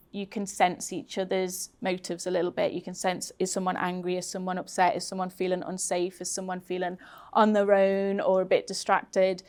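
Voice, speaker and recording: A woman's voice: on the low side, darkish tone. A middle-aged woman with a Liverpool accent, speaking earnestly in a conversational panel talk and acting out what she tells her workshop members. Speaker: founder of a craft activism group, guest speaker.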